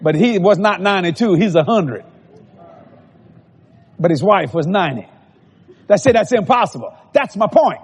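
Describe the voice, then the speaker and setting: High husky-voiced preacher in a hall. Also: male voice, animated, normal speed, long pauses. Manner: repetitive building cadence, calls out to the congregation. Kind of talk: sermon. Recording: long hall reverb.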